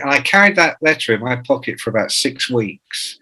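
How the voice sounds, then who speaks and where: On a rough recording, a man in his sixties speaks briskly in a mid-range voice with big pitch swings, sounding pushed, bright, and slightly rough. He's a guest author in an interview, telling anecdotes. He jokes, swears, and performs the quotes he recounts.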